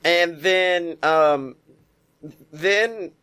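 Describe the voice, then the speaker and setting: A man with a bright, forward voice chats loosely on a podcast, cursing and laughing as he recaps scenes. His delivery is animated and crude, like a friend venting about a terrible film. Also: on the high side, extremely slow, clean tone. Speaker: podcast co-host. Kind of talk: casual movie review chat.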